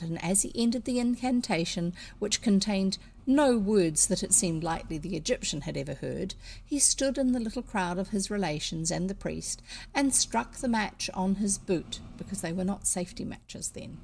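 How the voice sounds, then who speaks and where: A woman with a New Zealand accent reading a children's novel aloud, pausing to fix slips and add casual comments. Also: mid-range voice, lively intonation, creaky, a little mellow, slight background noise. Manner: unpolished, stops to correct slips and comment. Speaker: audiobook reader.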